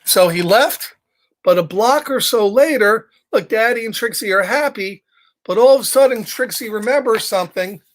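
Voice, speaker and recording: A man reads a picture book aloud to young children, lively and chatty. He breaks off now and then to ask his listeners questions. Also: high-pitched, moderate pace. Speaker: storytime reader for children.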